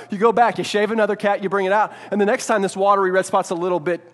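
Guy preaching a casual sermon, kinda high voice, lots of "right?", big echoey hall. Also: fairly even intonation, rapid-fire, few pauses. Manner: conversational, keeps asking "right?" to check in. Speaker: pastor.

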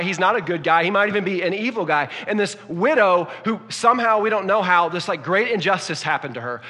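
Animated preacher man in a reverberant hall. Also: on the high side, slightly rough. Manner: dynamic, swings from hushed to emphatic. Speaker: pastor. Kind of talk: sermon.

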